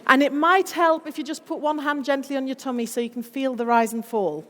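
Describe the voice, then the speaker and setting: A middle-aged woman giving a wellbeing talk to a school group, upbeat and encouraging, slowing to a soothing pace when guiding breathing. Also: high-pitched, a bit bright, in a large hall. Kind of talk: guided class activity talk.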